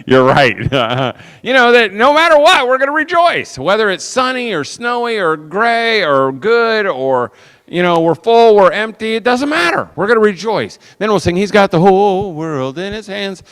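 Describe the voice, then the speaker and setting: A middle-aged man speaks to a live conference audience, his pitch swinging widely as he acts out voices and sounds. His voice is smooth and resonant. The long reverb of a large hall trails behind every line. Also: moderate pace. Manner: animated, laughing, acting out voices and sounds. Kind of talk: storytelling talk to a live audience.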